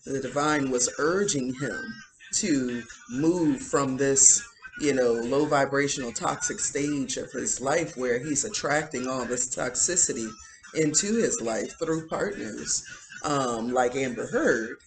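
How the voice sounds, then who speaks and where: A woman's voice: extremely low pitch, slow, low-quality recording. A woman giving a casual spiritual commentary, chatty and indignant, full of "um" and "like". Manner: chatty, filler-heavy, indignant. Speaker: spiritual vlogger.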